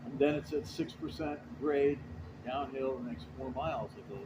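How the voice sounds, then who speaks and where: A man's voice: mid-range voice, moderate pace, noisy background. A man, a truck driver, telling a road story in a rambling, profane, casual way. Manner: rambling, profane, animated retelling.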